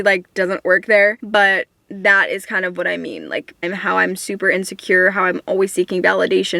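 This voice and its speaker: A woman's voice: mid-range voice, vocal fry, sharp tone, no room sound. A young woman, a singer-songwriter, talks to camera from inside a parked car in a candid, earnest way, with many fillers. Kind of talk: casual talk to camera.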